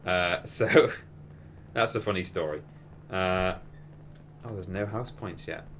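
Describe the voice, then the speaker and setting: A man's voice: low-pitched, takes it slowly, background noise. A man chatting casually while streaming a game, telling rambling, wry stories. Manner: rambling, wry storytelling with frequent restarts. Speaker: streamer playing a video game. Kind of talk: casual live-stream chat and commentary.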